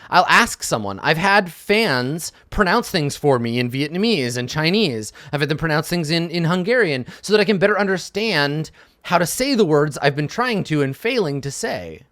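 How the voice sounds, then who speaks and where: A middle-aged man talks frankly into a dry, close mic. His voice sits a little high for a man and swings widely in pitch as he stresses his points. He swears casually and keeps checking in with a quick "right?". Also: animated, fairly bright tone, no room sound. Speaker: game master and show host. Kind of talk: advice monologue.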